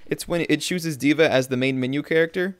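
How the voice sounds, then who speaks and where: A man's voice: a little high, brisk, clear, resonant tone. A man co-hosting a casual gaming podcast, chatty and upbeat, explaining game updates. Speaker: podcast co-host.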